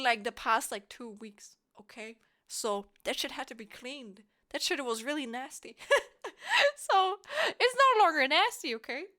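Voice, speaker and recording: A woman's voice: sits high, pushed and bright. A young woman from Germany, chatting casually with viewers on a live stream, giggling often and rambling playfully.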